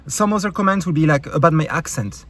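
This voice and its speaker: A man with a French accent, a YouTube creator, ranting in a heated, sarcastic and profane way, with many halting fillers and restarts. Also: on the high side, fairly bright tone. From France. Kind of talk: ranting vlog commentary.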